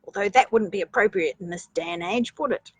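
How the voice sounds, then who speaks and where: A woman's voice: medium pitch, fairly quick, breathy edge. A woman reading a children's story aloud, playful, with chatty asides.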